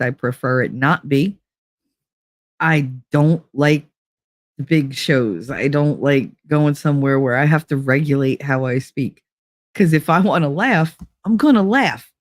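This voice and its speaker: A woman's voice: low-pitched, unhurried, no room sound. Woman, stuffy congested voice, casual livestream chat, blunt, laughs a lot, dry close sound. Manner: blunt, laughs often, talks back to chat. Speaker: livestream host reading chat.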